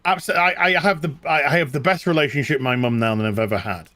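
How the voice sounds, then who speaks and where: A middle-aged British man, the co-host, chats casually in a fairly high-pitched voice at a fast clip, with no echo on the recording. He's animated and tells personal stories, restarting often and repeating himself.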